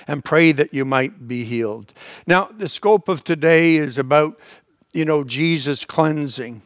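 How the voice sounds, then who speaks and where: A man preaching a sermon in an earnest way, stumbling over repeated words and slowing down to read scripture with emphasis. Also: fairly high pitch, fairly bright tone, no room sound, clean studio sound. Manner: earnest, many restarts and stammered repeats; reads scripture slowly with emphasis. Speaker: pastor.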